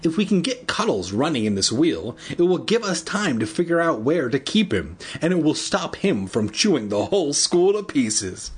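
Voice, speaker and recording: An urgent, determined schoolboy, as a man reads him in a storybook, lifted a little above a plain voice. His tone is earnest and hurried, husky and breathy, with lively movement in pitch. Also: heavily acted. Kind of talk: comic storybook reading.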